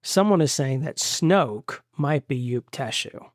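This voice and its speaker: A man's voice: medium pitch, lively intonation, takes it slowly, no room sound, clean studio sound. A man co-hosting a podcast in casual chat, goofy and riffing, scatting nonsense syllables. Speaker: podcast co-host.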